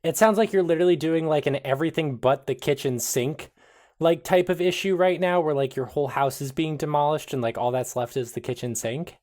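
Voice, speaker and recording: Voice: mid-range voice, fairly quick, darkish tone. A player in a tabletop game, talking in character in a rambling, exasperated way.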